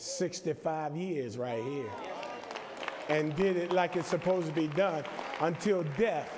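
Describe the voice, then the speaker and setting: A man's voice: a little high, a little slow, a crowd in the background, background noise. A middle-aged man preaching a sermon, leading call-and-response and joking with the congregation. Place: large church. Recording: long church reverb, congregation behind.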